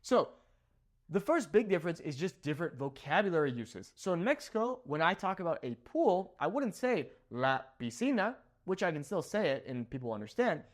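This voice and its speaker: A young man from Southern California, a native English speaker, teaches a Spanish lesson and asks "okay?" after almost every point. His voice is fairly high and sing-song, at a normal speed.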